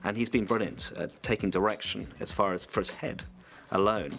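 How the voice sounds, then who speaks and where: A man, a visual effects supervisor, explaining the process in a measured, technical way in a behind-the-scenes interview. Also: fairly low pitch, fairly even intonation, fairly bright tone, faint music behind.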